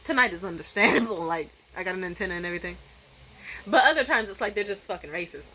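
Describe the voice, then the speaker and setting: A young woman vlogging at home at night, telling a story in a profane, animated rant and mimicking other people's voices. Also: fairly low pitch, fast, a crowd in the background, low-quality recording. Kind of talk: casual vlog rant.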